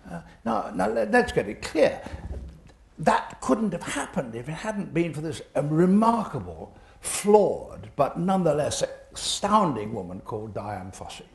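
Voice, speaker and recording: Gravelly older man telling stories. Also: a little high, measured pace. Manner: animated, chuckling storyteller. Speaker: interview guest. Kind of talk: storytelling anecdotes in an interview.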